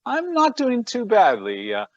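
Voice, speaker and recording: A man's voice: extremely high pitch, huge pitch swings, a little slow, no room sound. Canadian guy chatting from his home gym, dry sound, a bit dull like a video call. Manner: chatty, self-deprecating, repeats words at starts. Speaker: guest, personal trainer. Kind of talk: casual conversation.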